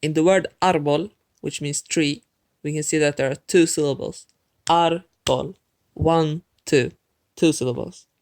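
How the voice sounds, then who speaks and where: A man teaching a language lesson in a clear, methodical scripted narration, talking straight to the viewer. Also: on the high side, fairly even intonation, moderate pace, darkish tone.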